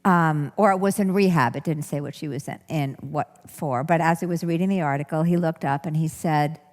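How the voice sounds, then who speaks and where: A woman's voice: low-pitched, moderate pace, a little mellow. A woman giving a talk as a workshop teacher. She speaks earnestly and keeps rephrasing and repeating herself for emphasis. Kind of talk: talk to an audience. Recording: long hall reverb.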